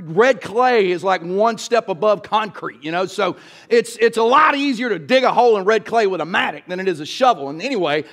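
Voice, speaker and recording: A man's voice: very high voice, a bit bright. A male pastor, preaching a sermon in a church in a folksy, storytelling way and asking the crowd "y'all".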